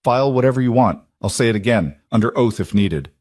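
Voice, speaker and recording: Brief: man voicing an angry protective rancher, raised and forceful, dry sound. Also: mid-range voice, animated, fast, no echo, close to an everyday voice. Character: protective rancher, hot-tempered, defiant.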